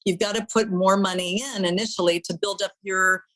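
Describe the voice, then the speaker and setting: A woman's voice: mid-range voice, fairly even intonation, brisk, a bit bright, rough recording. A middle-aged woman, a guest in an interview, telling her story in an earnest, heartfelt way.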